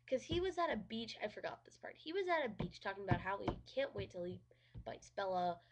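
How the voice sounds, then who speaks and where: A woman's voice: mid-range voice, very animated, fairly quick, noisy background. A woman giving a casual, sarcastic movie review, swearing freely and saying "like" constantly. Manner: sarcastic and profane, heavy use of "like".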